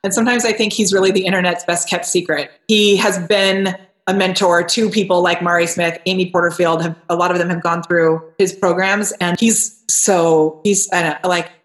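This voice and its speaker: A woman's voice: lowish voice, fairly even intonation, moderate pace. A woman being interviewed on a podcast, talking casually and with enthusiasm, often restarting her sentences. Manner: bubbly and enthusiastic, with frequent restarts. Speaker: podcast guest. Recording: roomy echo.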